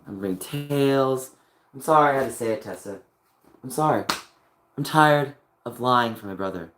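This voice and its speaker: A man streaming live, venting in an emotional rant that swings from low muttering to a raised voice. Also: lively intonation, normal speed, fairly bright tone.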